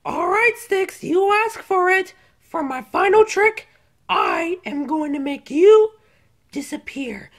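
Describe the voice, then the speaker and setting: A high-pitched young fox boy, voiced by a woman in a plush toy skit, showing off as a stage magician. He swings his pitch all over and stretches out his magic words for drama. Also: animated, full character voice. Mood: smug. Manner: boastful and theatrical, with drawn-out magic words.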